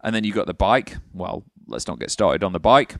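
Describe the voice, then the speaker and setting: A deep, gravelly-voiced man co-hosting a podcast in easy casual chat. He talks with dry sarcasm and rambles through restarts, close to a dead, dry mic. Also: big pitch swings, fairly quick, a bit bright, no room sound. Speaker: podcast co-host.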